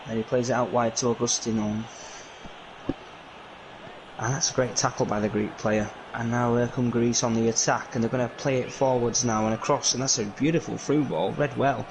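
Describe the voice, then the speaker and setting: Bloke, solo play-by-play gamer commentator, chatty and filler-heavy, mid pitch. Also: male voice, noisy background. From England. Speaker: video game match commentator.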